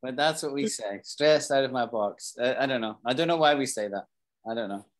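British guy teaching english idioms, mid-pitch, says each phrase twice, keeps asking the class. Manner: explains slowly, repeats key phrases, quizzes students. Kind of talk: live online English lesson.

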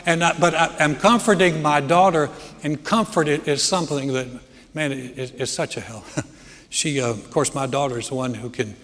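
A middle-aged man preaching a sermon as pastor, telling family stories and growing animated as he jokes. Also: on the high side, normal speed. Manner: storytelling, animated when joking. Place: church hall. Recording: church hall with long reverb.

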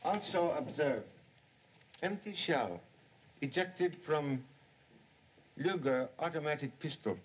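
Charlie Chan, a terse, formal detective. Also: male voice, a little high, lively intonation, slow, long pauses, slightly rough, full character voice. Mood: calm. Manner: terse, clipped, drops articles, formal. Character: calm, aphoristic middle-aged male detective. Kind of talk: 1930s film acting. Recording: dull 1930s film soundtrack.

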